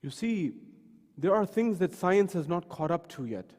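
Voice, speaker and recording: A man's voice: high voice, expressive, a little slow, darkish tone. Man giving a sermon in a reverberant hall. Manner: dramatic storytelling, voicing quoted people. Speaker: speaker at a mosque. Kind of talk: sermon with acted retellings. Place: mosque hall.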